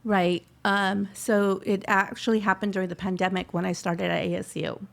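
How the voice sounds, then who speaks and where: A woman's voice: medium pitch, level tone, normal speed, creaky. A middle-aged woman telling her personal story in an interview, heartfelt, slipping Spanish phrases into her English. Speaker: scholarship recipient guest.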